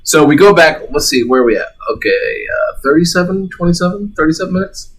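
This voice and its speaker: A man's voice: fairly high pitch, lively intonation, fast talker, low-quality recording. A man co-hosting a casual podcast, swearing freely and retelling scenes by acting out the characters' lines. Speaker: podcast co-host. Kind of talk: casual chat.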